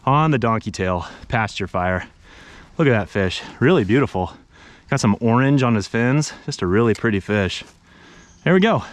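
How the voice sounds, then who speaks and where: A young man narrating his fishing trip outdoors on a river, tired from paddling, bursting into excited exclamations and talking to the fish. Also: on the low side, normal speed, dry recording. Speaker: fishing vlogger. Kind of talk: casual narration while fishing. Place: outdoors on a river, in a kayak and wading.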